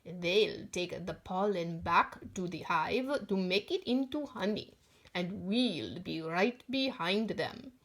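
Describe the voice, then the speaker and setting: A woman reading a storybook aloud, voicing a kindly old grandfather in a gentle, hushed way. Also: high-pitched, expressive, slow pace, pitched below the performer's own voice, heavily acted. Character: kindly old grandfather leading a bee chase.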